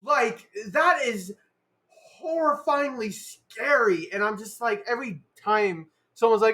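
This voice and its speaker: A young person in casual chat over a voice call, lively and quick to laugh. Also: medium pitch.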